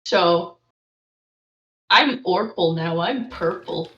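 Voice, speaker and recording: A woman's voice: lowish voice, extremely slow, fairly bright tone. A woman playing a tabletop role-playing game who swears a lot and talks playfully in character. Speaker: player. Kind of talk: casual tabletop role-play. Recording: echoey, dull lo-fi room audio.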